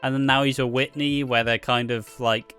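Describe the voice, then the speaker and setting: A man with a bright, forceful voice talks bluntly in a casual chat, swearing freely and slipping into quick mimicry. Faint music plays behind him. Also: medium pitch, flat delivery, clean tone. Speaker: podcast co-host.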